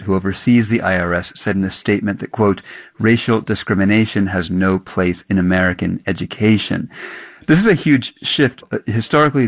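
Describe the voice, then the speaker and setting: A man's voice: fairly low pitch, no room sound. A man correspondent explaining a news story in a slightly conversational report. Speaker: radio correspondent.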